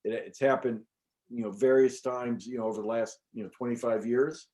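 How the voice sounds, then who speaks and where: A middle-aged man, an interview guest, telling a personal story in a casual, animated way with many fillers and the odd swear word. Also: mid-range voice, fairly quick. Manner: animated, chatty, frequent fillers and restarts. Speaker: interview guest recounting an experience.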